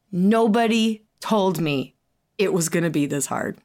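A woman's voice: lowish voice, measured pace. Chatty, tired woman podcast host. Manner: chatty and animated, with frequent fillers, laughs and casual swearing. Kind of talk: casual solo podcast chat.

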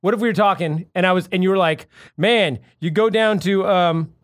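A man's voice: high-pitched, normal speed. A man arguing heatedly in a casual podcast debate, acting out quotes. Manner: argumentative, acts out quotes in character voices.

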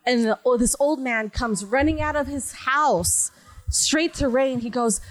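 A young adult woman hosting a podcast, talking quickly and loosely with lots of fillers. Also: sits high, low-quality recording. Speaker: podcast host. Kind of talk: casual chat.

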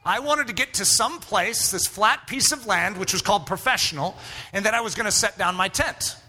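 Man, preacher telling a story, acts out dialogue, high voice, bright. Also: moderate pace. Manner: animated, acts out both sides of dialogue. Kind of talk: storytelling sermon.

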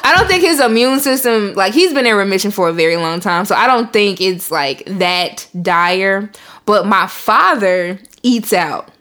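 A woman, co-hosting a podcast in casual chat with profane, animated storytelling. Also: mid-range voice, normal speed. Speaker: podcast co-host.

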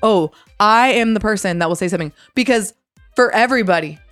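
A woman's voice: mid-range voice, brisk, no echo, faint music behind. A woman co-hosting a podcast, sick and congested, ranting bluntly in casual chat and acting out what she would say to people. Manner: blunt, animated ranting with acted-out quotes. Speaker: podcast co-host.

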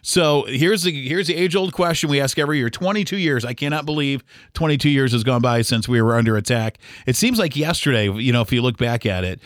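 A man's voice: mid-range voice, brisk, no echo, clean studio sound. A middle-aged man from the United States hosting a podcast, telling a story in a rambling, casual way. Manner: rambling, acts out remembered dialogue. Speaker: podcast host.

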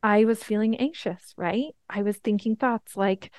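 A woman's voice: medium pitch, measured pace, a little mellow, no room sound. A woman in her thirties teaching a coaching webinar, earnest and encouraging, often checking in with "right?". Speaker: life coach.

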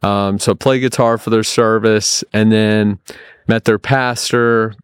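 A man's voice: fairly low pitch, takes it slowly, clean tone, no echo, studio quality. Man telling a rambling story. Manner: rambling, animated retelling with repeated words. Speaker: guest storyteller. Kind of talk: casual storytelling.

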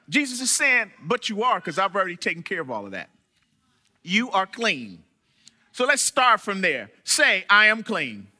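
A man preaching a sermon to his church, animated, with dramatic pauses and quoted voices. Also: high voice. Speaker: church member giving a sermon.

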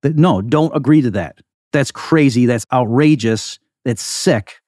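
A man in the middle of his pitch range talks through a podcast monologue with emphatic, chatty energy. He leans on strong statements and drifts into asides. The sound is dry and close. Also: measured pace, darkish tone, no echo. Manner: emphatic, conversational, frequent asides. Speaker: podcast host. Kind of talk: casual solo commentary.

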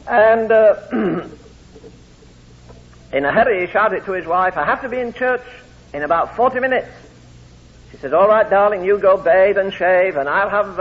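A man preaching a sermon, telling anecdotes and acting out the quoted voices in his stories. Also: sits high. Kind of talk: sermon with storytelling. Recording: tinny phone-like lo-fi recording.

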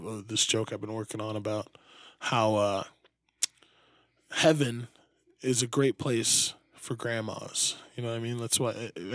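A man's voice: on the low side, dry recording, studio quality. A man co-hosting a podcast, rambling crudely and laughing often in casual comedic chat. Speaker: podcast co-host.

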